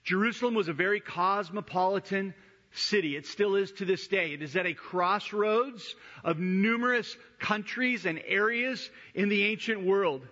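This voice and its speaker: A male pastor delivering an expository sermon. His voice is high and bright with a husky edge, and he moves between scripture and friendly asides. The sound carries a long hall reverb and a dull, lo-fi quality. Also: normal speed. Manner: expository preaching, rhetorical questions, conversational asides.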